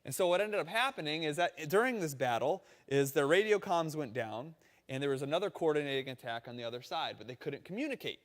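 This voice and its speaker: A man preaching a sermon, telling a story with animated quoted voices. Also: a little high, fast talker, long reverb tail. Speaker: pastor.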